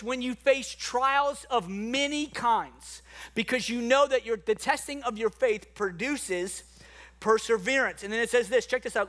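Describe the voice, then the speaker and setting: A male pastor preaching a conversational sermon, energetic with bursts of excitement. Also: high-pitched.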